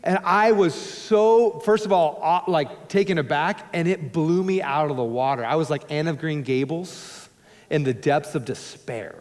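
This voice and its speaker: A male pastor with a higher voice preaches a sermon at normal speed before a congregation in a church sanctuary. He is emphatic, throwing in joking asides and swinging between loud urging and hushed low tones. The church's long hall reverb leaves a tail on his words.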